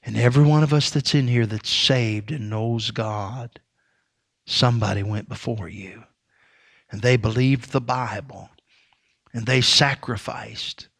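A Baptist preacher delivering an impassioned sermon, swinging between near-shouted exhortation and hushed storytelling. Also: male voice, medium pitch, a little slow, vocal fry, husky.

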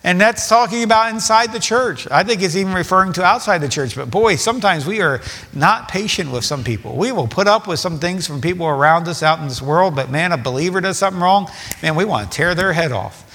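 Man, pastor, casual sermon, slightly high voice, reverberant hall. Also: animated, brisk, fairly bright tone. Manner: conversational preaching with asides and self-corrections.

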